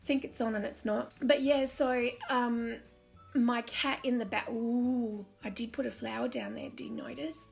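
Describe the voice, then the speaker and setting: Chatty Australian woman with a gravelly edge. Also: a little high, steady tone, normal speed, faint music behind. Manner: chatty, self-deprecating, laughs often. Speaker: crafting channel host. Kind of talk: voice-over for a crafting video.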